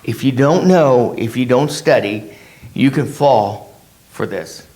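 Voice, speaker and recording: A man's voice: mid-range voice, slow pace, a little mellow. A man leading a casual Bible study, who asks his class rhetorical questions and acts out the people in the story in his own words.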